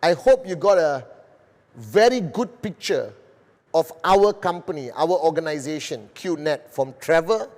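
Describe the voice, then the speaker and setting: A middle-aged man from Malaysia giving a live broadcast business presentation, speaking slowly and deliberately to a worldwide audience. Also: on the high side, animated, a little mellow, long reverb tail. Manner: slow, deliberate, addressing a global audience.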